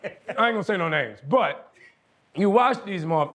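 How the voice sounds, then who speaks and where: A man, telling profane, animated stories as a guest on a casual podcast. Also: high voice, fairly quick. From New Orleans, USA. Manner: animated, profane storytelling with frequent laughter. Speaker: guest actor. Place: podcast studio.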